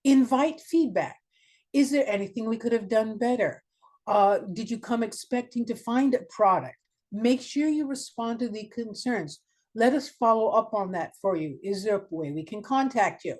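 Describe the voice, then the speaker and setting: A woman's voice: on the high side, moderate pace, darkish tone. A woman marketing consultant giving a webinar presentation, direct and emphatic, asking the listeners many questions. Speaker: marketing consultant, guest speaker.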